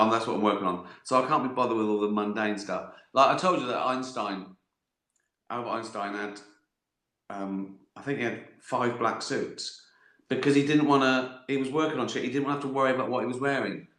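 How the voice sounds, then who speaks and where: A man's voice: on the low side, normal speed, a bit bright. A man hosting a casual livestream and answering viewer questions. He rambles, chuckles often and swears freely as he jokes. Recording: roomy echo.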